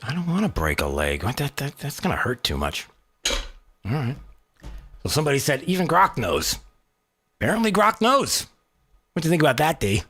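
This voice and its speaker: Animated, joking male radio host. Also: medium pitch, fairly quick, pauses often, a little hiss or hum. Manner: rambling, joking, lots of restarts. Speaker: radio talk show host. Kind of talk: casual talk radio chat. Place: radio studio.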